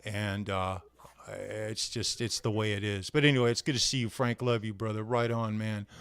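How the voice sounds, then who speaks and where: A man's voice: lowish voice, level tone, moderate pace, fairly bright tone, clean tone, dry recording. A man hosting a casual live show, greeting viewers one by one in a laid-back, friendly way and sounding worn out from hard physical work. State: worn out from heavy physical labor.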